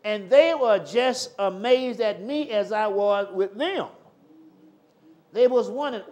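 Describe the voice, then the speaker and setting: An older man preaching a live sermon, fervent and swinging from loud exclamations to low murmurs. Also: lively intonation, slow. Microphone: live stream.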